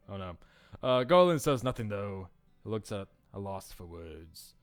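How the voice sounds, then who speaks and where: A man's voice: lowish voice, expressive, a little slow, clear, resonant tone, faint music behind. A man hosting a let's play, reading a visual novel aloud with playful, jokey asides.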